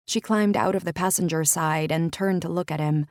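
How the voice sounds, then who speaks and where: Low-voiced woman narrating romance. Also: fairly even intonation, a little mellow, no room sound, studio quality. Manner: measured, intimate storytelling. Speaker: audiobook narrator.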